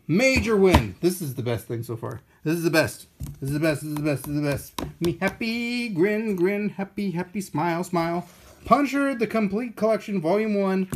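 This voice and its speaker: Excitable man gushing over comics. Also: mid-range voice. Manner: excitable and playful, gushing over finds and joking with viewers. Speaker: unboxing video host. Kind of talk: casual live-stream chat while unboxing.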